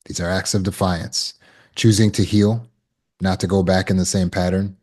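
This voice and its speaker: A man's voice: low voice, little pitch movement, moderate pace, a little mellow. A man, a trauma recovery coach, giving a conversational teaching talk and acting out short quoted exchanges.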